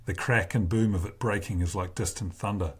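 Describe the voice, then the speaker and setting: A man with a husky voice reading a first-person novel aloud in a slow, deliberate way. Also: low voice, steady tone. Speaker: narrator.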